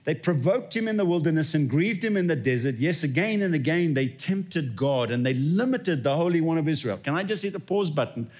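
A man's voice: fairly high pitch, expressive, brisk, hardly any pauses, a little mellow. A man preaching a sermon as lead pastor, telling stories and acting out little dialogues. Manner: storytelling, acts out dialogue with God.

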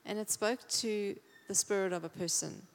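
A woman's voice: medium pitch, moderate pace, vocal fry. Woman sharing a vision in an echoey church. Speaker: congregation member sharing a vision. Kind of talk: testimony.

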